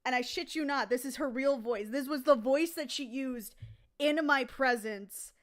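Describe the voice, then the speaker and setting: A woman's voice: sits high, normal speed. A woman casually telling a rambling, profane anecdote on a live stream. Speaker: comic artist streaming.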